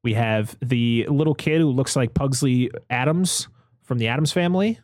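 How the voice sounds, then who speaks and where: A man's voice: mid-range voice, normal speed, a little mellow, no echo. Guy cohosting a movie podcast, chatty, ranty, dry close sound. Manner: chatty, exasperated rants. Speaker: podcast co-host. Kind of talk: casual movie podcast chat.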